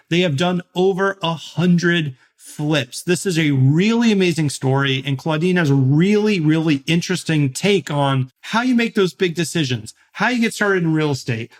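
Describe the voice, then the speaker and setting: A man hosting a podcast, chatting in an upbeat, casual way as he introduces and questions his guest. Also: fairly high pitch. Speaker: podcast host. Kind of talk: casual interview conversation.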